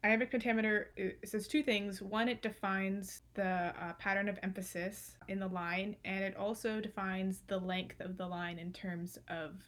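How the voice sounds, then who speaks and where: A woman co-hosting a casual talk about poetry, explaining steadily and slowing down to stress words. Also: mid-range voice, fairly even intonation, a bit bright. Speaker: podcast co-host.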